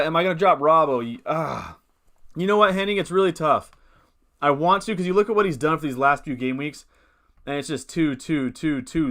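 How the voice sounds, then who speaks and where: A man's voice: on the high side, fairly bright tone. A young man streaming live, casually talking through fantasy football teams and reading chat, rambling and upbeat, with hiccups. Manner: thinks aloud, reads chat, rambling and upbeat.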